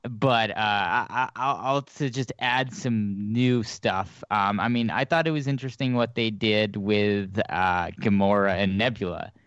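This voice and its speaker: A man on a podcast panel talking in a measured, thoughtful way in casual chat. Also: fairly low pitch, fairly bright tone, clear, resonant tone, no echo, highs cut off.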